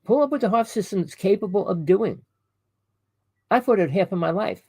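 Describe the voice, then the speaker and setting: Gravelly man ranting to his viewers. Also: sits high, animated, normal speed, a little mellow, no echo, low-quality recording. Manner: rambling, preachy, with frequent self-corrections; addresses listeners as "people" and asks rhetorical questions. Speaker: online conspiracy commentator. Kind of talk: ranting monologue to camera.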